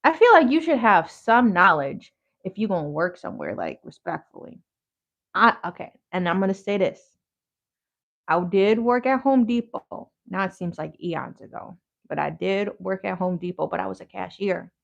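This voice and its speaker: Woman host, gravelly creaky voice, slangy rambling livestream chatter, dull lo-fi sound. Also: medium pitch, lively intonation, moderate pace. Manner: slangy, rambling, talks back to chat. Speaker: yoga therapist and crafter, livestream host. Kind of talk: casual livestream chat while crafting.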